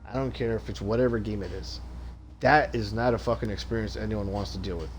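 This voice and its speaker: A man streaming a game live, ranting loudly and with exasperation about the matchmaking, swearing constantly. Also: lowish voice, brisk, slight background noise. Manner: profane ranting, loud and exasperated. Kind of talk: live gaming stream rant.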